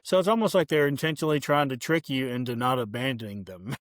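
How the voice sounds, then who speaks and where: A man hosting a podcast, chatting in a relaxed way and often repeating words as he goes. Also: mid-range voice, fast talker, dry recording, studio quality. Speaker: podcast host. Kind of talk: casual conversation.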